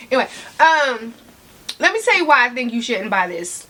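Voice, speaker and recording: A woman's voice: high-pitched, big pitch swings, moderate pace, bright, forceful tone, a little hiss or hum. A woman vlogging about handbags in a sassy, chatty way, talking straight to her viewers while she eats. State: eating while talking, mouth sometimes full. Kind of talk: casual chat to camera.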